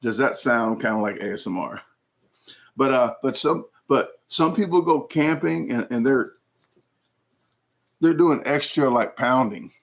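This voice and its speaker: A man's voice: medium pitch, unhurried, long pauses. A man hosting his channel, chatting casually and rambling through viewer comments with frequent jokes and laughs. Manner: rambling, jokey, laughs often. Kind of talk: casual livestream chat.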